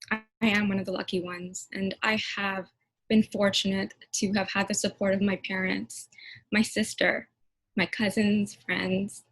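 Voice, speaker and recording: A woman's voice: medium pitch, fairly bright tone, rough recording. A woman in her twenties giving an earnest, emotional speech as a newly sworn lawyer over a video call. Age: 20s. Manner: earnest, emotional, laughs now and then. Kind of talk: heartfelt personal speech.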